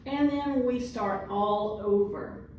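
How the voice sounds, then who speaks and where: A woman's voice: medium pitch, slow, darkish tone, lo-fi sound, slight background noise. Encouraging woman teacher in an echoey room. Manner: encouraging, praising, prompts repeat-after-me. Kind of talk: one-on-one classroom instruction.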